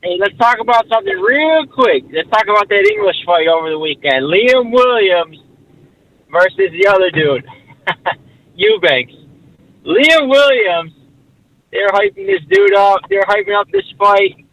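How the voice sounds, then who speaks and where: A man's voice: sits high, sing-song, moderate pace, gravelly, a bit bright. A man calling into a show, ranting bluntly and mocking other people in a put-on voice. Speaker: caller. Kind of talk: ranting phone call. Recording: muffled phone line.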